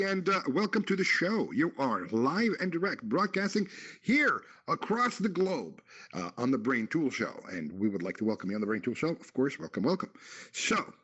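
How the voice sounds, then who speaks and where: Playful man with a lively, sing-song delivery. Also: mid-range voice, husky, highs cut off. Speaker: co-host. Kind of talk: goofy radio chat show banter.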